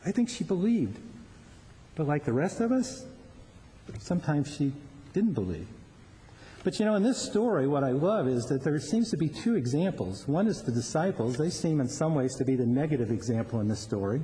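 A man's voice: a little high, very animated, normal speed, mellow. Earnest guy preaching a sermon, restarts and repeats himself, big hall, faint hiss behind. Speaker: pastor. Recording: long reverb with faint background noise.

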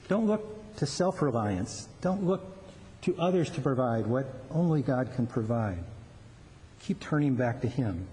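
A man's voice: fairly high pitch, warm tone. A male pastor preaching a sermon in an earnest way, often repeating words as he restarts a thought, in a large hall. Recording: long reverb with faint background noise.

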